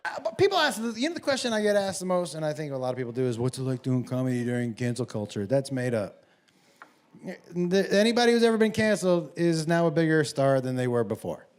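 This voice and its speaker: A man doing a stand-up comedy set on a club stage, telling stories loudly and profanely, with bursts of shouting. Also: on the high side, sing-song, fast. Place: comedy club stage before a laughing audience. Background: audience laughter and room ambience.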